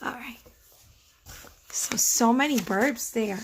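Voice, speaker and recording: A woman's voice: fairly high pitch, a little slow, a bit bright. A woman teaching first grade, reading a storybook aloud and stopping to explain it and ask the children questions.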